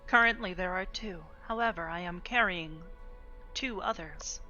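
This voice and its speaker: A woman's voice: on the low side, normal speed, bright, forceful tone. A woman voicing a polite, composed synthetic woman who runs a space station, in a live role-play. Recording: dull lo-fi mic, faint music.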